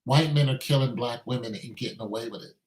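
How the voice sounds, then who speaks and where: A man's voice: medium pitch, quick pace, darkish tone, reverberant, rough recording. A man delivering an opinionated monologue in an emphatic, repetitive rant. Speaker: commentator.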